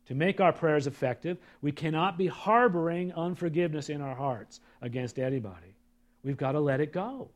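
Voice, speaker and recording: Pastor guy preaching, reads the verses loud then drops way down for asides, kinda high voice. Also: normal speed. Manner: reads scripture aloud with asides to the congregation; swings from loud emphatic reading to low quiet remarks. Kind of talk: sermon.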